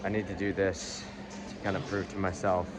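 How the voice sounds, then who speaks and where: Candid low-voiced man vlogging outdoors. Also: flat delivery, brisk. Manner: candid, emotional, rambling. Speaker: travel vlogger. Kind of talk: casual vlog talk to camera. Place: outdoors by roads and vehicles. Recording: street and traffic noise. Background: traffic and outdoor city sounds.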